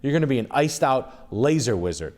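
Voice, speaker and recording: A man's voice: mid-range voice, sing-song, a little fast, darkish tone, slight background noise. A man in his thirties, a streamer, telling crude, rambling comedic stories in casual chat. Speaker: streamer and host.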